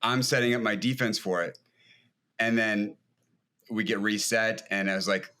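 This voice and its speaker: A man chatting as a guest on a podcast, relaxed and a little hesitant as he recalls events. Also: fairly low pitch, moderate pace, pauses often, clean tone. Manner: relaxed, hesitant, swears casually. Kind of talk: casual chat.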